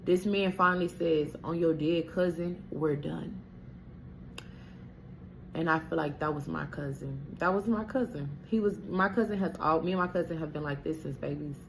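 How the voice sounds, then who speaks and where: A young woman with a low voice tells her story straight to the camera, blunt and salty, cursing freely and calling out to her viewers. There is a faint hiss of noise under her voice. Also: a little fast, few pauses. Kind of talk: casual storytime monologue.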